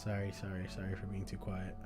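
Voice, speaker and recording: Young man in his twenties, low-pitched and talkative, as a host of a casual journaling stream. Light-hearted, self-mocking delivery. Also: completely flat delivery, fast talker. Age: 20s. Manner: chatty and playful, often laughing at himself. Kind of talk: casual live chat while journaling. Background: background music.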